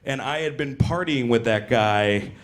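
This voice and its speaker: A man's voice: medium pitch, a little slow. A man in his thirties doing stand-up, telling a rambling story full of fillers and acted voices. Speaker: stand-up comedian. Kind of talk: stand-up comedy set.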